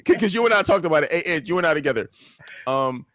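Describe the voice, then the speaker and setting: A man's voice: on the high side, expressive, fast, a bit bright, no room sound, studio quality. A man co-hosting a casual podcast chat, arguing his side in slangy talk and breaking into laughter. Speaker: podcast co-host.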